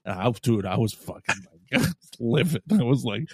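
A middle-aged male podcast host telling a story in casual chat, swearing often and loudly acting out what people said. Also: medium pitch, normal speed, slightly rough, no echo. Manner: animated, swears a lot, acts out quotes loudly.

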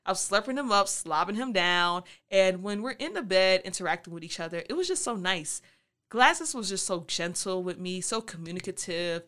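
A woman's voice: mid-range voice, expressive, normal speed, fairly bright tone. A woman podcast host telling a candid personal story in a frank, playful, slangy way, acting out her own thoughts.

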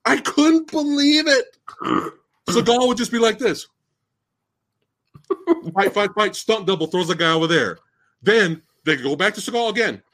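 A man hosting a live-stream movie discussion who rants in an excitable, incredulous, profane way. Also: high voice. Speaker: host.

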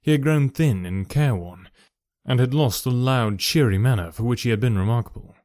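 A man reading a story aloud in a measured, even narration. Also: medium pitch, no echo, clean studio sound. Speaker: audiobook narrator.

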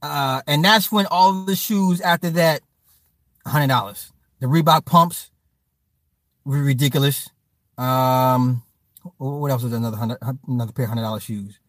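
A man in his forties telling casual stories to his chat, animated and full of profane slang. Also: medium pitch, moderate pace, long pauses, dry recording. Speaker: streamer talking to chat. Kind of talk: casual storytelling monologue.

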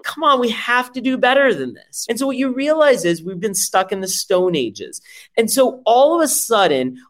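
Brief: a male tech founder on a podcast, salesy and blunt, with swearing and big pitch swings and acted-out asides. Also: fairly bright tone. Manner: profane, emphatic, rhetorical questions and acted-out scenarios. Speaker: startup CEO guest. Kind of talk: animated conversational pitch. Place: podcast interview.

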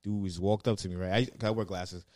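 A man's voice: sits low, steady tone, a little fast, darkish tone, no echo, studio quality. A man telling rambling, profanity-laced stories in casual chat, full of fillers. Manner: laid-back, swears a lot, lots of fillers. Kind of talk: casual storytelling.

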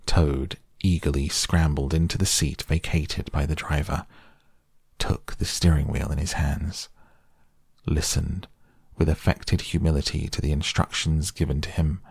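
A man narrating a storybook softly and slowly as a bedtime audiobook, close to the mic. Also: a bass voice, slightly rough, no echo. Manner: slow, soft, soothing delivery. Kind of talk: soft bedtime audiobook reading.

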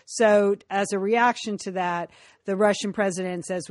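A woman co-hosting a podcast, chatting brightly and laughing often. Her mid-pitched voice sits close and dry, with no room sound. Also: fairly even intonation, normal speed, no room sound. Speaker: podcast co-host. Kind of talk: casual chat.

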